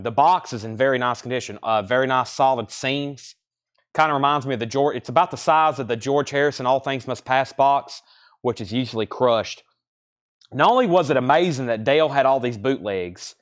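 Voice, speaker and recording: Male live-sale host, mid-range voice, casual patter calling out prices and bids. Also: medium pitch. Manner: chatty, rattles off prices and bids. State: out of breath. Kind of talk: casual live-stream auctioneering.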